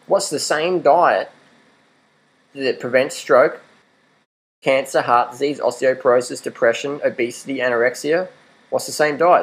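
A young man with an Australian accent talks in a loose, rambling vlog rant, laughing often and chatting to his dog along the way. His voice is husky and sits at an ordinary middle pitch. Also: low-quality recording. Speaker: vlogger. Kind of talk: casual rant to camera.

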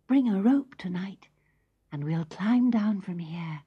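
A woman voicing a sweet, naive young princess who speaks softly and high, on a lo-fi tape. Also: big pitch swings, slow, a little hiss or hum, heavily acted. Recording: lo-fi tape with faint music.

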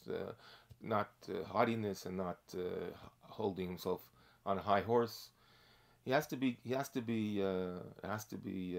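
A male rabbi teaching a religious class, speaking haltingly with frequent restarts and sprinkling in Hebrew and Yiddish terms. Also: on the low side. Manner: halting, many fillers and restarts, storytelling.

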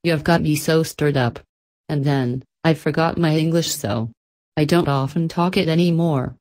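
Woman reading as husky, eager farm mother. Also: low voice, normal speed, close to an everyday voice. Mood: fond. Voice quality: husky, breathy. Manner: excited, bustling, fond. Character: warm Bohemian farm mother, middle-aged, eager.

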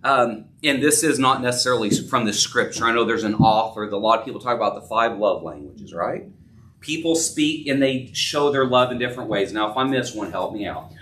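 Animated, brisk and a bit bright, a male pastor delivers an earnest sermon in a church sanctuary. When he voices scripture dialogue, his pitch climbs, and the recording picks him up from a distance.

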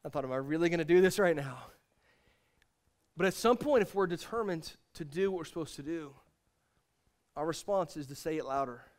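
A man's voice: on the high side, lively intonation, brisk, pauses often. A man preaching a sermon as pastor, earnest and repetitive, leading the congregation in a spoken refrain. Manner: earnest, repeats phrases, leads the congregation in a refrain.

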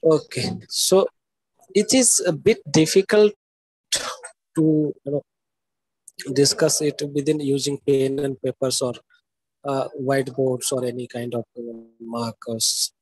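A man's voice: medium pitch, fairly even intonation, unhurried, pauses often, a little mellow, dry recording, rough recording. A man giving a live online literature lecture, checking in often with "okay" and "isn't that".

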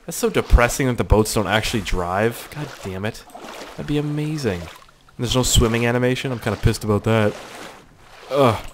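A young man giving joking, excitable let's-play commentary as a gaming YouTuber, swearing a lot as he goes. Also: lowish voice, noisy background.

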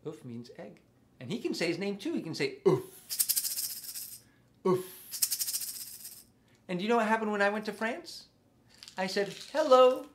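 A man hosting a children's music lesson, speaking slowly and simply to small children and asking them questions. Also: sits high, lively intonation. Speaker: children's music teacher and host. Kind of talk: children's sing-along lesson. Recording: loud background noise.

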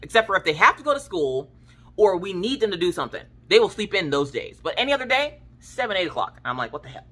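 A woman's voice: mid-range voice, fast, husky. A woman in her thirties hosting a craft channel, chatting casually and telling family stories in slangy speech, acting out her relatives' lines. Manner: animated, slangy, acts out family members' lines. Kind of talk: casual storytelling chat.

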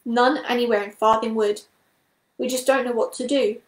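A woman reading a storybook aloud, voicing a gentle, hesitant male badger. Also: fairly high pitch, fairly even intonation, normal speed, roomy sound, natural voice. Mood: worried.

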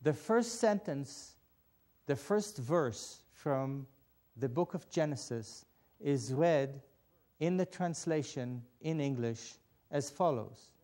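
Man, Hebrew teacher, slightly high voice, very slow, patient, deliberate instructional lesson. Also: lively intonation, mellow. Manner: patient, deliberate, spells out each step.

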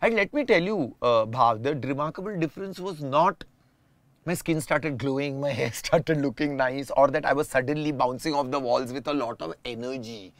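A man's voice: medium pitch, normal speed, no room sound. A man, talking reflectively and at length as a guest in a casual conversation. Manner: reflective, explains at length with restarts.

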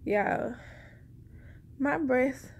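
Chatty woman with a gravelly edge. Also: high voice, drawn-out words, a little mellow. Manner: chatty, rambling, addresses viewers directly. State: short of breath. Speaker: vlogger sharing a pregnancy update. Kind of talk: casual chat to camera.

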